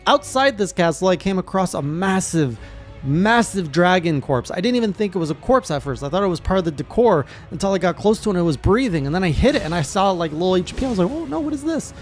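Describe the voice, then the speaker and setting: Animated male gaming streamer recapping. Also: high-pitched, fast talker, soft background music. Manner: animated, jumps into excited quoted reactions. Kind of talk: casual recap narration.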